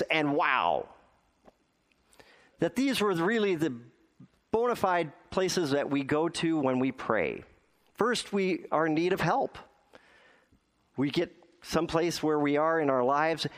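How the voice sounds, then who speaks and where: A male pastor delivering a sermon in a folksy storytelling way. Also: fairly high pitch.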